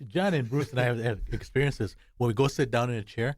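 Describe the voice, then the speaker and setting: An older man who served in combat talks as a podcast guest. He speaks at a middle pitch in blunt, clipped phrases, often stalling and repeating words. The recording is dry. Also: fast, a little mellow, no echo. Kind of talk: interview recollection.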